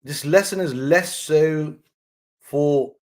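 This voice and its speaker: A man's voice: on the high side, slow, a little mellow. A man hosting his own vlog, talking through a life lesson in a casual, rambling, earnest way with frequent restarts. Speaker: vlog host sharing his mother's lessons. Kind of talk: casual reflective monologue.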